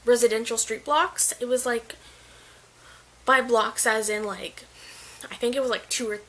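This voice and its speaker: A woman's voice: fairly high pitch, fairly even intonation, unhurried, fairly bright tone, rough recording. A young woman vlogger telling a casual story, chatty and full of "like" fillers. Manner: chatty, filler-heavy, says "like" constantly.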